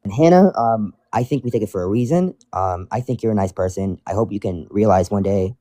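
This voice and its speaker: A man's voice: lowish voice, a little fast, dark tone, dry recording, studio quality. A man chatting casually while reading fan mail aloud, rambling and restarting his sentences. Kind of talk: casual chat.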